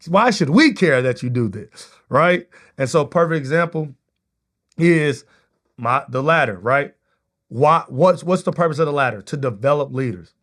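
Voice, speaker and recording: Male podcast host, slightly higher voice, relaxed motivational solo talk. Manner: casual, energetic, keeps asking "right?".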